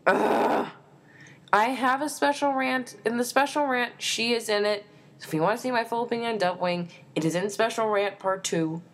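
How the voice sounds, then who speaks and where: A young woman vlogging a fan opinion rant, excitable and exasperated, with lots of fillers. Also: on the high side, a little fast.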